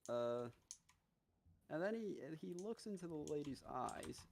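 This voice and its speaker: A man on a live gaming stream casually retelling a story, animated and profane, with many fillers. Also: on the high side, unhurried, vocal fry, slight background noise.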